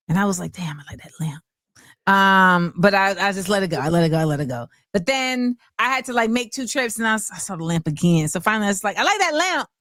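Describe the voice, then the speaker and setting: A woman hosts a relaxed conversation in a medium voice, telling stories with animated delivery and acting out other people's lines. The sound is dry and close, with little room echo. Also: mid-range voice. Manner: animated storytelling, acts out quotes. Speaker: host. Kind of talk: casual chat.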